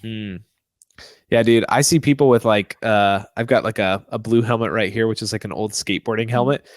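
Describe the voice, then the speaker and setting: A young man hosting a casual podcast chat, animated and acting out what other people say. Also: lowish voice, brisk, no echo, clean studio sound. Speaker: podcast host.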